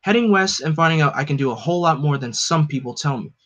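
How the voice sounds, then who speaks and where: A man's voice: on the high side, animated, fast talker, a bit bright. Kid Flash: a man doing an eager young speedster. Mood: earnest. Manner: eager, earnest, touchy. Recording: dull lo-fi recording.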